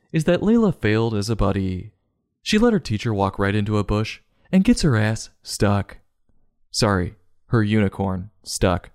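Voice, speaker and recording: A man's voice: lowish voice, darkish tone, no echo, clean studio sound. A man giving a comedic book review in a sarcastic, mocking tone.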